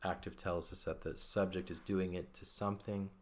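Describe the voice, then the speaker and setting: A man teaching a grammar lesson over a shared screen, relaxed and conversational, often checking in with "right?". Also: low voice, normal speed. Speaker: Latin teacher.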